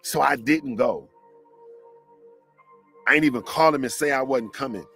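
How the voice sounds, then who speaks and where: A man from Detroit giving a lively motivational talk, telling stories in slangy, animated speech and laughing along. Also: mid-range voice, normal speed, creaky, faint music behind. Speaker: motivational speaker.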